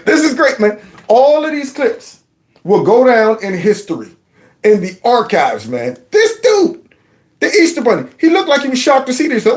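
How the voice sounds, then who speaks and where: A man's voice: very high voice, huge pitch swings, moderate pace. A man reacting to video clips, laughing, teasing and mocking what he watches. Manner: laughing, teasing, does mock voices.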